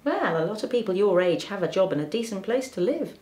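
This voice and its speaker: An actress playing a blunt, tactless woman therapist who talks in a sing-song way with abrupt jumps in pitch, in a sitcom. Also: very animated, brisk, a little mellow, roomy sound, natural voice. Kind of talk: sitcom acting.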